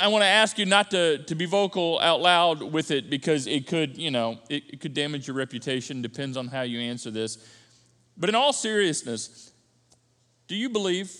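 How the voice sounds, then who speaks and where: Lively male pastor, bright high voice, casual storytelling delivery, long reverb of a church auditorium. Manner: conversational and animated, swings from loud to hushed. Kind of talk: sermon.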